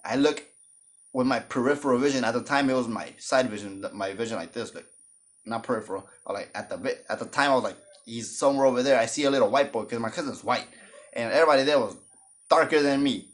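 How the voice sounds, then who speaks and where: A man's voice: mid-range voice, quick pace. A man telling a personal story in a casual, jokey way and acting out the voices of the people in it. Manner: animated, jokey, acts out the voices of other people. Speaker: storytime vlogger.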